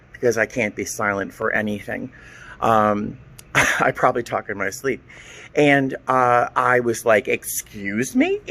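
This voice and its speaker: A man's voice: medium pitch, bright, forceful tone. A middle-aged man chatting casually to his vlog camera outdoors at home, telling a long story and acting out the voices of the people in it. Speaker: vlogger. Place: outdoors at home, feeding cats.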